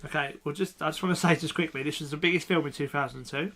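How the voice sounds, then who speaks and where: A man's voice: fairly high pitch, quick pace, a bit bright, a little hiss or hum. A man co-hosting a film podcast, chatty and eager, reeling off film facts. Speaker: podcast co-host. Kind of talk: casual chat.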